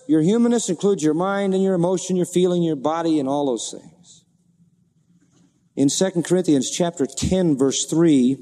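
Male pastor, sermon delivery, mellow tone, reverberant church hall. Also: on the high side. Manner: expository preaching, rhetorical questions, dramatic scripture reading.

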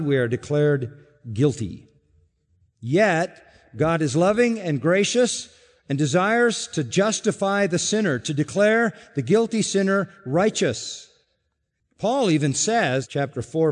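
A male pastor delivering a sermon with a slightly high voice. He is emphatic and insistent, repeating key lines for weight, and his voice carries a long reverb from a large hall.

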